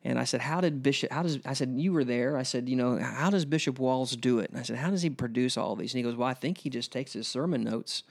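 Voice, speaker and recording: A man who preaches at a school chapel, telling an interviewer about his sermon series in an earnest way that turns emotional and animated. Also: mid-range voice, fast talker, gravelly, few pauses. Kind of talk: casual interview storytelling.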